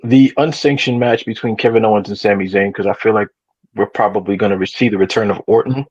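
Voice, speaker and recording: A man joining a casual podcast as a panelist, hesitant and thoughtful, with plenty of pauses and ums. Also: fairly low pitch, darkish tone, breathy edge, lo-fi sound.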